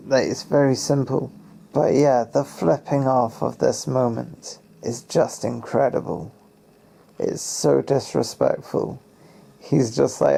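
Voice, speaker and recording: A man's voice: mid-range voice, fairly even intonation, slow, gravelly, mellow, husky. A man giving casual, playful commentary on a TV episode, spinning fan theories and acting out characters' lines.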